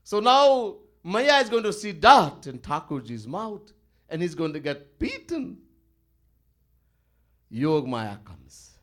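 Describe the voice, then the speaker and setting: A man preaching as a swami in a storytelling sermon. His voice is high and very animated, and he chuckles as he goes. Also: slow pace.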